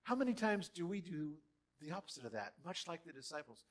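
Preacher guy in a church, kinda high voice, gets loud then drops way down, very animated. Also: moderate pace, pauses often. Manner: animated, dramatic quoting with big swings in loudness. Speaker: pastor. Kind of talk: sermon.

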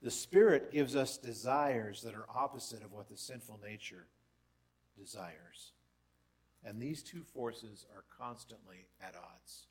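A man's voice: measured pace, darkish tone. A man preaching a sermon as pastor, conversational with asides and rhetorical questions, his voice rising for emphasis. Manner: lists in a lowering voice, rises for emphasis.

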